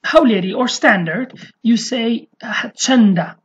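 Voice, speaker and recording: A native speaker from Slemani in Iraqi Kurdistan teaches an online language lesson in English. She explains haltingly, with frequent fillers, and repeats her example phrases. Her voice is mid-range and slightly rough.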